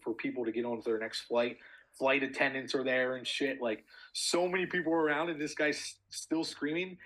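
A man's voice: medium pitch, fairly bright tone, breathy edge, rough recording. A young man co-hosting a podcast, telling a story in casual chat, swearing a lot with many fillers. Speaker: podcast co-host.

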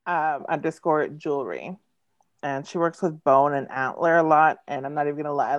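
A giggly, animated woman in her thirties, a poet guest chatting on a video call. Her voice sits a little low and sounds dull and lo-fi. The room is dry, with no echo. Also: moderate pace. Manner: giggly, animated, laughs often. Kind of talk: casual storytelling chat.

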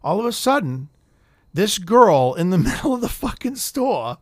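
A man's voice: high-pitched, very animated, normal speed, dry recording, clean studio sound. A middle-aged man telling a story in casual chat, profane, rambling and heated.

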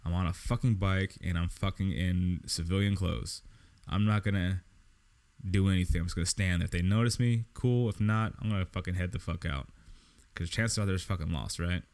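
Sitting low in pitch at a moderate pace, this podcast host spins a long, casual story. He swears freely and animatedly acts out quoted dialogue.

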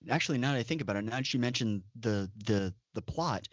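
A man's voice: mid-range voice, expressive, fast talker, no echo. A man co-hosting a casual podcast chat, talking in an opinionated way with emphatic asides. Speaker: podcast co-host. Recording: dull, dry lo-fi audio.

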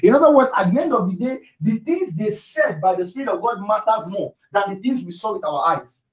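A male preacher with a high voice delivers a forceful sermon, driving points home by repeating them and sometimes shouting. He sounds far from the microphone, and the room around him is full of echo. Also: expressive, brisk. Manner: emphatic, repeats key phrases, sometimes shouts. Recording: echoey room, distant mic.

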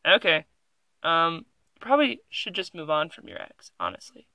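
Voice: medium pitch, expressive, moderate pace, sharp tone, no room sound. A young adult vlogger reading an article aloud at home into a phone, with sarcastic, giggly, rambling commentary. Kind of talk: casual reaction commentary. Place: room at home.

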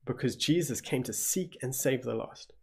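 A man's voice: medium pitch, normal speed, gravelly, breathy edge. A man with a South African accent preaching a sermon as pastor, telling the story vividly and acting out gasps of shock.

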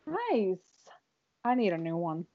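A young woman co-hosting a casual makeup chat, excitable and bubbly, on a dull lo-fi recording. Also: on the low side. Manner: excitable, bubbly, quick to laugh. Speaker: co-host.

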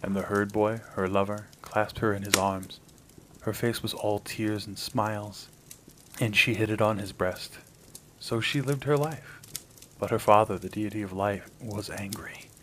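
Low-voiced man reading a fairy tale. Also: steady tone, a little slow, fairly bright tone, a little hiss or hum, low-quality recording. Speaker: storyteller host. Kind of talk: scripted storybook narration.

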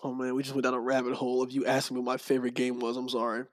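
A man telling stories as a podcast guest, animated, often breaking into laughter. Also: medium pitch, rapid-fire. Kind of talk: casual chat.

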